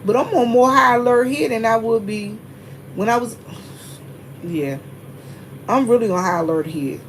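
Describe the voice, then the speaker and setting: A woman's voice: fairly high pitch, measured pace, a little hiss or hum. A woman hosting a casual livestream, chatting straight to her viewers and greeting them by name as they come in. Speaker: livestream host.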